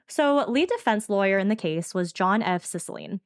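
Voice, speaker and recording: A woman's voice: mid-range voice, expressive, dry recording, clean studio sound. A woman co-hosting a podcast, telling a true-crime case in chatty, casual storytelling. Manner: fast, chatty storytelling from notes. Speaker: podcast co-host.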